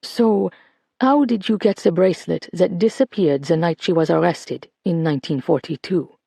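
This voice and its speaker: A narrator gives voice to a determined woman who keeps her tone calm and controlled. She speaks measured and a little quieter, with a gravelly texture, in a dry close sound. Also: lowish voice, no room sound. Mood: calm, probing. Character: calm, determined woman, former jewel thief.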